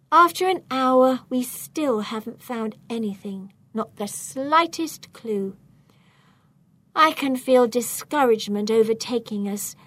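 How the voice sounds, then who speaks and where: Slow, breathy woman reading a mystery. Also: a little high. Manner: expressive, suspenseful reading. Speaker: narrator. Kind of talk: read-aloud storybook narration.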